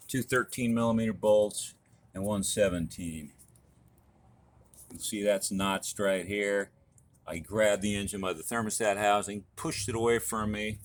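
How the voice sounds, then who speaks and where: A middle-aged man talking casually and enthusiastically about his car repair, folksy and rambling with fillers. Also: on the low side. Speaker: car hobbyist vlogger. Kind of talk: casual DIY car vlog.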